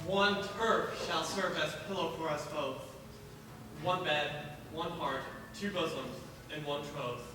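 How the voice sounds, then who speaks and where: A man's voice: fairly high pitch, slow. Young man playing an ardent lover in an echoey hall. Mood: tender, coaxing. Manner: declaims verse, projects to a stage audience. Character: ardent young male lover, impulsive, declaiming. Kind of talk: stage play performance. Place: school auditorium stage. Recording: echoey hall, distant mic, noisy.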